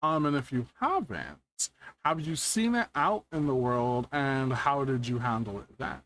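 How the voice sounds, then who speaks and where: A man hosting a casual interview over a video call, asking questions in a lively voice and laughing often. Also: mid-range voice, unhurried, slight background noise. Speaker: interview host.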